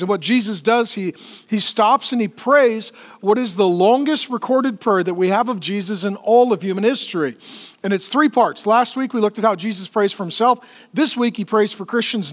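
Animated pastor preaching in a reverberant hall. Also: male voice, sits high. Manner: conversational and animated, with jokes to the congregation. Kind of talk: sermon. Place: church auditorium. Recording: long reverb of a large hall.

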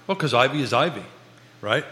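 A man's voice: medium pitch, expressive, brisk, pushed and bright, big-room sound. A man with a Virginia accent hosting a live real estate talk show, folksy and repetitive, calling himself Batman. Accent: American Virginia. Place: local live broadcast studio.

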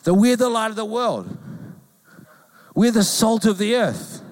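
A man with a New Zealand accent, a pastor preaching a sermon in a lively, joking way and mimicking calls in a high voice. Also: unhurried. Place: church hall.

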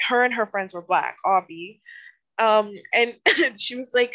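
A woman's voice: medium pitch, a little slow, a bit bright, no echo. A young woman from Canada co-hosting a podcast, chatting casually and giggling through her banter in a studio. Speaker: podcast co-host. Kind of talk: casual chat.

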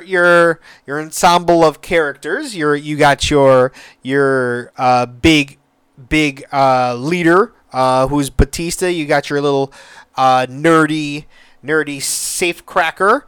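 A man's voice: on the high side, slow pace, fairly bright tone, clear, resonant tone, no echo. A man hosting a casual solo podcast, rambling with many repeated words and swearing freely. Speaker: podcast host.

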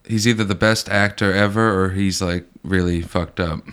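Man, podcast co-host, laid-back dry remarks, casual chat, lowish voice. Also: fairly even intonation, normal speed, a bit bright, clean tone.

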